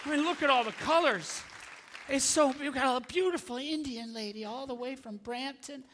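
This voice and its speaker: A man doing an excitable, profane stand-up set on a large theatre stage, riffing on the crowd. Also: very high voice, normal speed, noisy background. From Canada. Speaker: stand-up comedian. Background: audience laughter.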